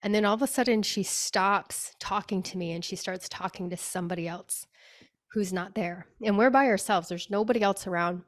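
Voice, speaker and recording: A woman's voice: mid-range voice, moderate pace. Chatty woman telling a personal story. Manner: chatty, leans on "like", acts out her own past words. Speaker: podcast guest, spirit medium. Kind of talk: personal storytelling in a casual interview.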